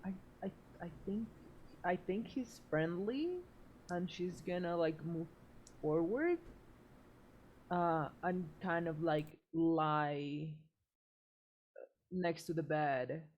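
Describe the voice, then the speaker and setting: A woman plays in a tabletop game with a lowish voice, taking her time. She hesitates and restarts, and her mic sounds dull and lo-fi. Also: a little mellow, a little hiss or hum. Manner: hesitant, halting. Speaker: player. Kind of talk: casual tabletop play.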